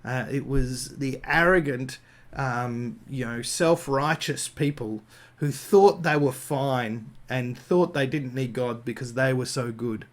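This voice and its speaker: A man's voice: medium pitch, slow. An Australian man giving an improvised Christian talk, thinking aloud with frequent fillers and restarts. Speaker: Christian speaker.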